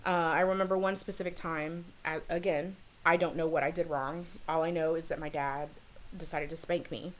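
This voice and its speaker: A woman telling a personal story as a podcast guest, earnest and halting, with many fillers and restarts. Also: sits low, fairly even intonation, low-quality recording. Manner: earnest, confessional.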